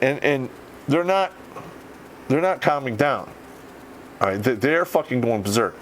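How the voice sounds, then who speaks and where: A man's voice: a little high, slight background noise. A middle-aged man who swears freely while casually telling a war story on a podcast and laughs as he goes. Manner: profane, laughs through the telling.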